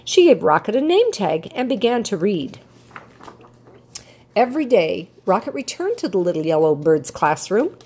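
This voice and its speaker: An older woman reads a children's picture book aloud, her voice rising and falling with lively storytelling expression. There is a soft, slightly husky breathiness to her tone. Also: mid-range voice, normal speed. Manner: warm, expressive storytelling cadence.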